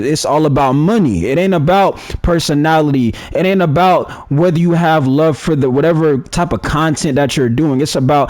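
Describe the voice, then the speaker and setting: High-pitched, animated ranting man. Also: no room sound. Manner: heated, repetitive, slangy with many restarts. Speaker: gaming commentary streamer. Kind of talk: casual ranting commentary.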